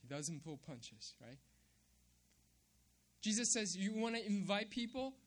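A man's voice: high-pitched, big pitch swings, a little slow. A man preaching a sermon, emphatic, repeating key phrases and checking in with "right?". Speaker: pastor.

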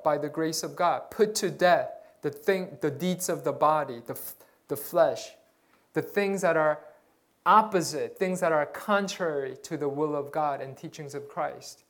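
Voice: mid-range voice, measured pace. A pastor preaching a sermon, earnest and exhorting, often repeating words while searching for the next phrase.

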